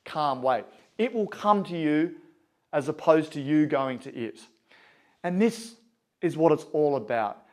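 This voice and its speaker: A man speaking with earnest conviction and a storyteller's ease. His voice sits a touch higher than most men's. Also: darkish tone. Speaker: motivational speaker. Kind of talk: motivational talk.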